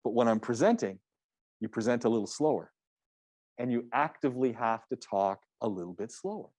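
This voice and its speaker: A man's voice: mid-range voice, animated, a little fast, a little mellow, no room sound. A man teaching a public speaking class, giving feedback in a loose, conversational way with frequent restarts. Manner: conversational, restarts often, coaching tone.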